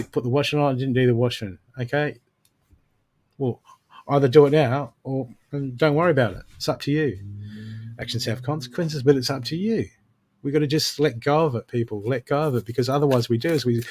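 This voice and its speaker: A man's voice: mid-range voice, darkish tone. A man doing a live oracle card reading, coaching the listener directly and punctuating his advice with frequent "okay"s. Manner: coaching, repeats "okay" often; addresses the listener directly with pep-talk advice. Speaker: intuitive card reader.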